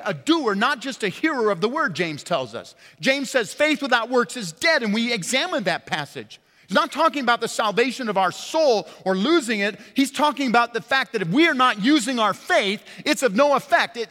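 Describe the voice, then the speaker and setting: Male pastor mid-sermon: high, bright, forceful voice, passionate, long church reverb. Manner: impassioned preaching, swinging from loud emphatic highs to quiet low stresses. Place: church sanctuary.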